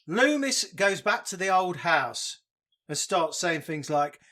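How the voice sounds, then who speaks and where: A man co-hosting a podcast in casual chat, walking through a story beat by beat. His voice sits somewhat high, and he breaks up the recap with dry, sweary asides. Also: sing-song, slow, pushed and bright. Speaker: podcast co-host.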